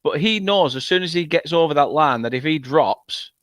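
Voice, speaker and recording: Excitable football fan, dry close mic. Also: male voice, a little high, normal speed, dry recording. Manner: excitable, swears when frustrated. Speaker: fan channel co-host. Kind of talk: live watchalong commentary.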